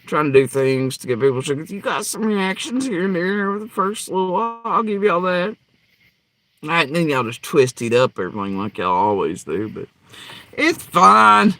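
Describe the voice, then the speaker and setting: A man delivering a heated, profane rant, swinging between loud outbursts and low muttering. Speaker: podcaster ranting.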